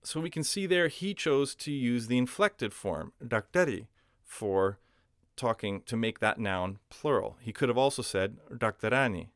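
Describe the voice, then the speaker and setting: A man's voice: mid-range voice, animated, normal speed, fairly bright tone, clear, resonant tone, no room sound, studio quality. A man explaining a language lesson in a patient, step-by-step way, with frequent fillers. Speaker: language teacher.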